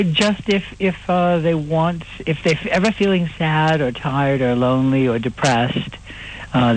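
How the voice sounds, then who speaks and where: A man guesting on a radio interview, playful and quick with joking asides. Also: fairly high pitch, a little hiss or hum, poor audio.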